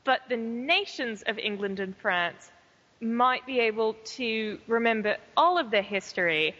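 A woman's voice: a little high, animated, a little slow, bright, forceful tone. A woman co-hosting a podcast in casual discussion, laying out long, thoughtful, reasoned arguments. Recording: dull audio with long reverb.

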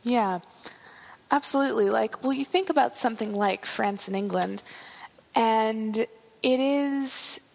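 Gravelly-voiced woman, rambling and amused. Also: fairly high pitch, measured pace. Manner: rambling, amused, many fillers. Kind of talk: casual chat. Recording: dull audio with long reverb.

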